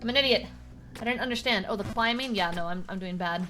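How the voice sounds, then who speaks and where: A woman's voice: mid-range voice, quick pace, bright, forceful tone, faint music behind. A young woman streaming a game, chatting casually in a rambling, self-deprecating way and laughing often. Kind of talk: casual live-stream chat while gaming.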